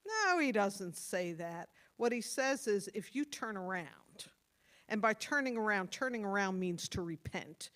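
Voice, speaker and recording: A woman pastor giving a sermon, earnest and motherly, stressing points hard and then dropping to soft tones. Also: mid-range voice, big pitch swings, moderate pace, hardly any pauses. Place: church.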